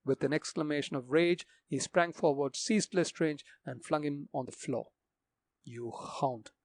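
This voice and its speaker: A man narrating a mystery audiobook in a measured, dramatic reading. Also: fairly high pitch, dry recording.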